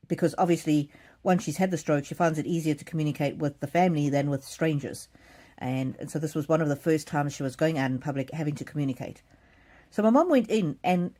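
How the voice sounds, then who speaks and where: A middle-aged woman hosts a card-reading live stream and shares a personal story. She speaks in an earnest, emotional way, often stumbling and restarting her sentences. Her voice is low and warm.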